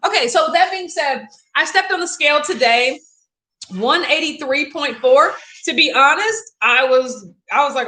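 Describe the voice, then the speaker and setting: Bright high-voiced chatty woman. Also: measured pace. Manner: chatty, animated, laughs often. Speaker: keto vlog host. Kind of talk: casual livestream chat.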